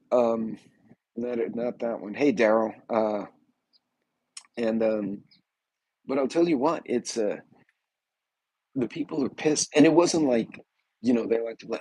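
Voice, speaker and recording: A man's voice: lowish voice, moderate pace, slightly rough, dry recording, rough recording. A man hosting a casual livestream, rambling through a story, greeting chat viewers and acting out what people said. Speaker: livestream host.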